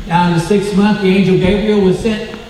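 A man's voice: high-pitched, fairly even intonation, fairly quick, dark tone, slight background noise. A male pastor preaching a sermon, with emphatic rises and drops in his voice, now and then stumbling over a word. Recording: echoey hall, from far off.

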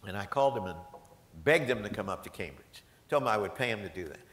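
A man, a professor, telling animated, self-deprecating anecdotes to a live audience and laughing often. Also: lowish voice, fast talker, reverberant. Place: large event hall.

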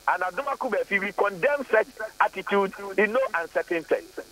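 Ghanaian guy on the phone to a radio show, emphatic, high animated voice. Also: a little fast. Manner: mixes English into talk, emphatic and defensive. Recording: tinny phone line with hum.

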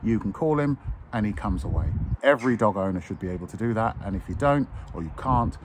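A man's voice: on the low side, expressive, a little fast, background noise. A man talking as a dog trainer, giving blunt, lecturing advice straight to camera and briefly mimicking other owners in a raised voice. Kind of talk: direct-to-camera advice talk.

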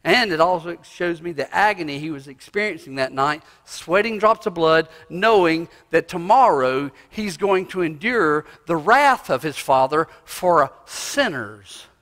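A male pastor preaching a sermon in a church, swinging from loud cries to hushed asides. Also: fairly high pitch, animated, unhurried, few pauses. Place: church sanctuary. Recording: long reverb of a church hall.

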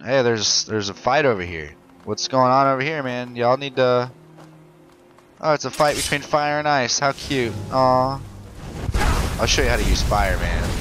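A young man hosting a gaming channel, giving casual commentary while he plays and cursing back at the characters in an excitable way. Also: mid-range voice. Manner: excitable, profane, talks back to the game characters.

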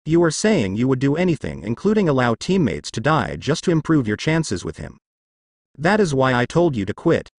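Naruto, a man doing a cold, flat boy ninja. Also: medium pitch, normal speed, no room sound, studio quality. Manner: flat, calm, clipped delivery. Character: cold, apathetic young male ninja.

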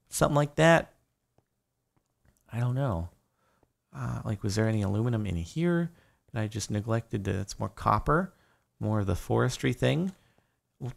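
A young man giving chatty running commentary while playing a game, turning to panicked shouts when chased. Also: medium pitch, gravelly. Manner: chatty, jumps to panicked yelling. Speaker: gaming YouTuber. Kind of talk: live Minecraft commentary.

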